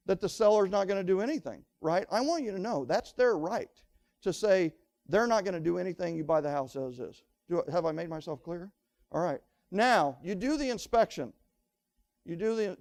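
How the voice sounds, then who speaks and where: A man giving an energetic live seminar talk, firing rhetorical questions at the audience in punchy, repeated phrases. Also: high voice. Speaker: motivational speaker at a real estate seminar.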